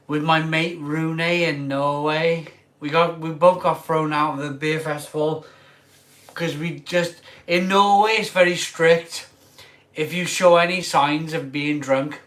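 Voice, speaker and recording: A man's voice: on the high side, fairly bright tone. A man hosting a casual live stream about beer, rambling and emotional as he chats to his viewers. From United Kingdom. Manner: rambling, emotional, talks to viewers, drinks on camera.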